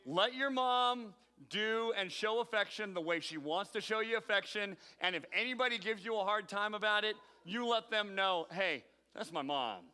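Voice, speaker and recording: A bright, forceful youth pastor with a high voice leads a game for teens in a big hall. His voice rings out with a long reverb, and he teases the kids by name as he calls on them. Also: clear, resonant tone. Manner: upbeat, calls on teens by name, playful teasing. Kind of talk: leading a youth group game. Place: large hall with audience.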